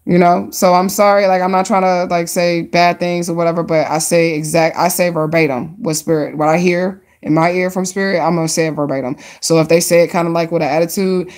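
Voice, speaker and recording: Hosting a tarot-reading live stream, a woman with a lowish voice chats excitedly with viewers, full of casual slang and stretched-out emphasis.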